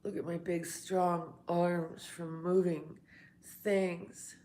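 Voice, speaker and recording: Just woken up, a woman live streams a casual morning chat to her viewers in a warm, level voice on the low side, speaking very slowly. She sounds congested, as if she has a cold. She rambles, laughs often and swears.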